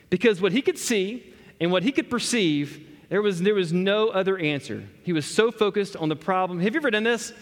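A man's voice: high voice, expressive, fairly quick. A man preaching a sermon, telling a story and talking straight to the congregation. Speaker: pastor. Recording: echoey hall.

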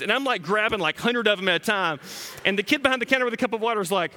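Man, 30s, high bright voice, lively self-deprecating sermon storyteller, hall reverb. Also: racing. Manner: animated, self-deprecating storyteller, laughs often.

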